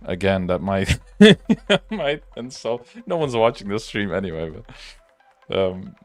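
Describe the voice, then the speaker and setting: A man's voice: lowish voice, big pitch swings, takes it slowly, dry recording, soft background music. A young man hosting a livestream, chatting casually in a rambling, loose and profane way. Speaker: livestream host. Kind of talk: casual livestream chat while working.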